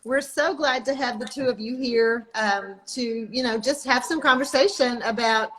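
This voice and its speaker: A woman's voice: a little high, moderate pace, a bit bright, poor audio. Upbeat chatty woman hosting. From Texas. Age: older. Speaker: host. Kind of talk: casual live video chat. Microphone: video call.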